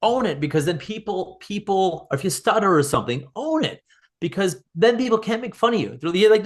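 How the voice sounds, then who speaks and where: A man's voice: high-pitched, sing-song, a little fast. A man as a podcast guest, talking earnestly in casual conversation, often restarting and repeating words.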